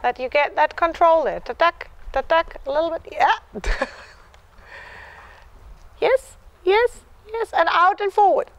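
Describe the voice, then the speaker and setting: A woman's voice: extremely high pitch, lively intonation, slow pace, long pauses, dry recording. A woman clinician coaching a dressage rider live. She encourages the rider with repeated yeses and chants the horse's rhythm aloud. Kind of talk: live riding lesson coaching.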